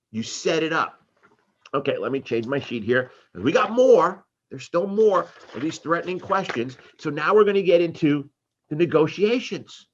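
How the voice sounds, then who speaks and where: Animated, bright-voiced male sales trainer. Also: on the high side, breathy edge, muffled recording. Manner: animated, acts out customer and salesperson exchanges. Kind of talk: live sales training talk.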